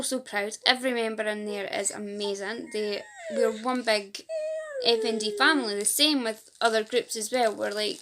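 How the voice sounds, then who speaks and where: Here the Fife-accented Scottish founder of a support group sounds bright and forceful, her voice on the high side, with a little hiss or hum in the background. She rambles earnestly to camera in a casual appeal, occasionally getting emotional.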